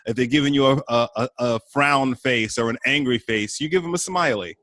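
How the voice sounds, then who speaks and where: A man's voice: mid-range voice, fairly quick, fairly bright tone, dry recording. A man hosting a podcast, responding to his guest with encouraging, upbeat advice. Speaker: podcast host. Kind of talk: conversational interview.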